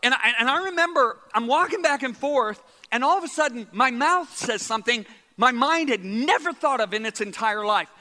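A high-voiced man preaching with lively, repeating phrases and sudden hushed moments. His bright tone rings through the long reverb of a large hall. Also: normal speed. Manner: animated, repeats words, drops to hushed tones for quotes. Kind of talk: sermon storytelling.

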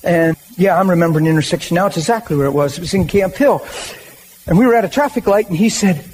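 High-voiced man preaching a plain-talking sermon. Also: quick pace, a little mellow, a little hiss or hum. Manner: conversational, emphatic preaching with rallying asides.

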